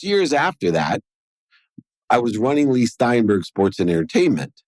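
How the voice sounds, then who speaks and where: A man's voice: medium pitch, sing-song, moderate pace, dry recording. A man as a podcast guest, telling a personal story in an earnest way and acting out the dialogue within it. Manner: earnest, acts out quoted dialogue in his story.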